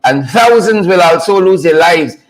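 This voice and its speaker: A man with a notably high voice hosts a live stream in a loose, teasing way. He repeats his phrases and laughs often as he talks. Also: animated, normal speed, poor audio. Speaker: online show host. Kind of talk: casual live-stream talk.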